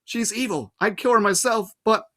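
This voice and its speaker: A sharp, know-it-all teenage girl, put on by a man reading a storybook. She talks briskly and insistently, a bit higher than his own voice. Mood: urgent, insistent. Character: clever, bossy teenage girl.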